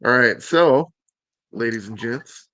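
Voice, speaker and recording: A man's voice: medium pitch, lively intonation, slow pace, bright, forceful tone, no echo. A man from Alabama with a Southern accent hosting a show, presenting in an upbeat, joking way with teasing asides. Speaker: host.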